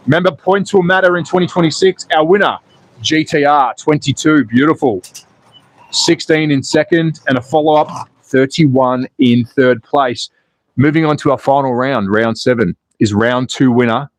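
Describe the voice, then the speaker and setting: Excitable man calling races. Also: fairly high pitch, no room sound, poor audio. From Australia. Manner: excitable commentary, then relaxed chatting with viewers. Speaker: slot car racing live streamer. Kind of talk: live race commentary and chat reading. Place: home in Austria.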